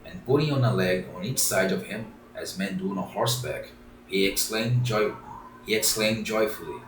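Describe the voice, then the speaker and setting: Halting man reading a storybook. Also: fairly low pitch, expressive. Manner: halting, often restarting phrases. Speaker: reader. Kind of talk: reading a children's book aloud. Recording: roomy, distant, faint background hiss.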